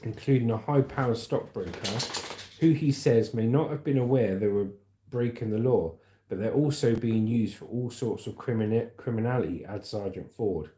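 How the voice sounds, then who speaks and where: A man's voice: lowish voice, moderate pace, mellow, reverberant. A man with a southern English accent reading the news aloud on a livestream, with casual, chatty asides to viewers. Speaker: livestream host.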